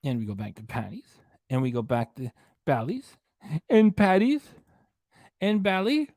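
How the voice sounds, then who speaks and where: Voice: medium pitch, huge pitch swings, a little slow, darkish tone, no room sound. Chatty livestream host with a dry sound. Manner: chatty, thanking viewers by name. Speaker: livestream host reading viewer comments. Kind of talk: casual livestream chat.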